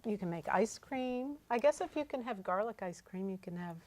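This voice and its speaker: A woman's voice: medium pitch, lively intonation, moderate pace, a little mellow. A woman from Vermont chatting casually on a local talk show about cookbooks, with lots of fillers and restarts. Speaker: bookstore guest showing cookbooks. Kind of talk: casual chat. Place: local community TV studio.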